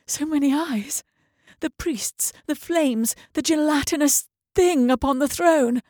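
High-voiced woman narrating horror slowly. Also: no room sound, clean studio sound. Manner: dramatic, dropping into hushed whispers. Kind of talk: first-person horror story narration.

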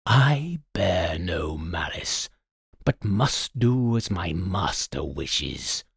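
A resigned spirit of smoke speaks low and unhurried, every word weighed, as a male narrator puts him on. The deep voice sounds strangely removed, a servant without malice. It comes from a storybook reading in a dry, close room. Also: big pitch swings, vocal fry, breathy edge, no echo, exaggerated voice. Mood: solemn. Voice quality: deep, slow and measured. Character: solemn smoky male djinn servant, resigned.

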